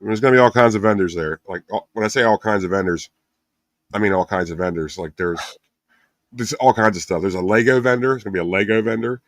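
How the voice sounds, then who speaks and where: A man's voice: fairly low pitch, fast talker, dry recording. A man co-hosting a casual podcast, rambling with many restarts and chuckles. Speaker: podcast co-host. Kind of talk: casual chat.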